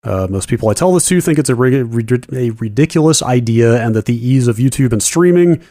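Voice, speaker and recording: A man co-hosting a podcast, reading a listener email in a steady, matter-of-fact way. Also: mid-range voice, fairly quick, no echo, clean studio sound. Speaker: podcast co-host. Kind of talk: casual chat and email reading.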